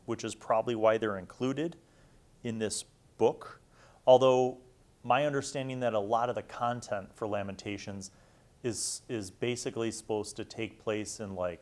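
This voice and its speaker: A man gives loose, joking commentary while reading through rules. He is irreverent and swears now and then, and his voice sits in an ordinary middle range. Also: mid-range voice. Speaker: host. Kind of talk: casual commentary on a rulebook.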